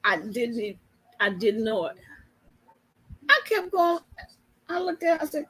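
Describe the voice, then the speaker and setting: Woman, police officer, husky voice, raised pitch, laid-back storytelling, laughs a lot. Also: sing-song, measured pace, long pauses, pushed and bright, low-quality recording. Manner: chatty, laughs often while telling a story. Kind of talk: casual storytelling to camera.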